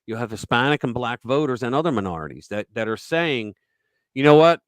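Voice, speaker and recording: An emphatic man hosts a political talk show at a middle pitch. He tells stories conversationally, with frequent asides. The dry recording puts his voice close to the mic. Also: lively intonation, fairly quick, fairly bright tone, no room sound. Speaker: host.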